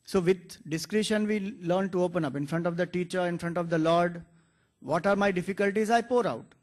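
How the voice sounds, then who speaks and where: A spiritual teacher speaks in a high, clear voice. His talk is earnest and explanatory, with scripture quoted along the way. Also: a little fast, a little mellow. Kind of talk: spiritual discourse.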